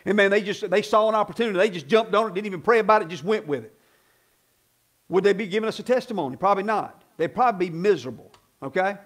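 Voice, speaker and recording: High-voiced folksy preacher man. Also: fast. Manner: folksy and conversational, rising to loud emphatic preaching. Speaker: pastor. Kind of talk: sermon. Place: church sanctuary.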